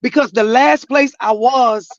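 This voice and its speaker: A woman's voice: a little high, unhurried, highs cut off. A middle-aged woman, a grieving mother, telling her story in an earnest, church-flavored way, sometimes rising to emphatic outbursts. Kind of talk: emotional personal testimony.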